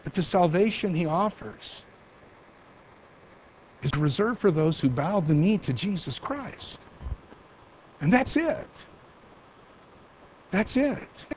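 A middle-aged male pastor delivering a sermon in a somewhat high voice. He preaches emphatically, drawing out key phrases slowly and rushing through asides. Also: a little mellow, a little hiss or hum. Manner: emphatic, varies pace for emphasis.

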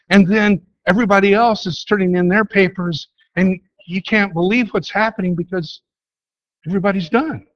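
A man's voice: on the high side, a little fast. A man preaching a sermon, telling a story and acting out the lines of the people in it. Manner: storytelling, acts out dialogue, animated. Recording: dull lo-fi recording.

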